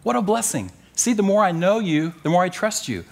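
A middle-aged man preaching and teaching from the Bible, animated and joking, pushing key phrases up with emphasis. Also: sits high, fairly quick, vocal fry. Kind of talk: sermon-style Bible teaching.

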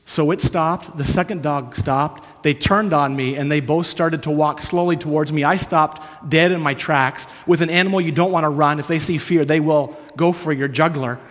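Guy preaching, earnest storyteller, bit higher voice, lots of hall echo. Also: steady tone, normal speed, hardly any pauses. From Canada. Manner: earnest, storytelling, swings from hushed to emphatic. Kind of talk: sermon. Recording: long hall reverb.

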